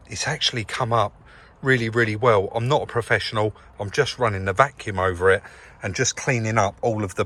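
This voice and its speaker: A man from England in a car workshop, talking casually to camera as he cleans a car, relaxed and chatty, calling viewers "guys". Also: on the low side. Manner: chatty, relaxed, says "crack on" and "guys" often. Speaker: car rebuild vlogger.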